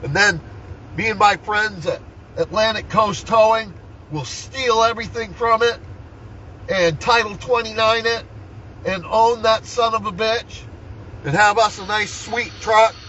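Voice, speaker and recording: Older man ranting, high, heated voice. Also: unhurried, bright, forceful tone, highs cut off, a little hiss or hum. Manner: heated, swearing, keeps asking "right?". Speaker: vlogger. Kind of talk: angry personal rant. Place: inside a vehicle.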